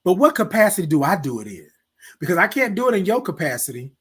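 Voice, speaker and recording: Preachy man with a lively, swinging voice. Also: sits high, quick pace, husky. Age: adult, military veteran. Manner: preachy, repeats key phrases, talks to viewers directly. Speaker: host of a live morning show. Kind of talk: motivational live-stream talk.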